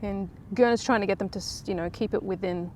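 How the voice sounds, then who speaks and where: A woman's voice: medium pitch, steady tone, fast talker, a little mellow, slight background noise. A woman casually recapping a soap episode in a chatty, sarcastic way, mocking the characters.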